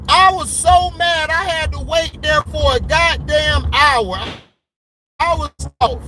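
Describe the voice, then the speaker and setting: A man's voice: very high voice, takes it slowly, pushed and bright, a little hiss or hum, low-quality recording. A man from Florida venting in a heated, slangy rant to his live viewers from his car. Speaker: vlogger. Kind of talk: casual ranting vlog.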